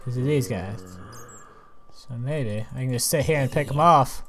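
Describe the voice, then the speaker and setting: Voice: medium pitch, lively intonation, measured pace, crowd noise. Rambling gamer talking over gameplay, chats to animals, trips over words a lot. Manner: rambling, talks to mobs and animals; chatty, fumbling restarts. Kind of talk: casual game commentary.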